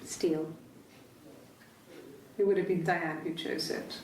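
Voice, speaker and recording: An actress with a British accent playing a composed young wife who speaks softly and reflectively in a police interview. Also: female voice, lowish voice, steady tone. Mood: calm. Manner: soft-spoken, measured, reflective. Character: composed young wife recalling her wedding. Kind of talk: naturalistic screen acting. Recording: roomy interview room from a distance, faint hiss.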